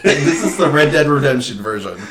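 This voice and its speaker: A man's voice: medium pitch, expressive, a little fast, far from the mic, over a noisy crowd. A playful man co-hosts a casual podcast, jumping into character quotes while he recaps. He sits a little back from the mic. The room around him is echoey. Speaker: podcast co-host. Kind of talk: casual movie recap chat.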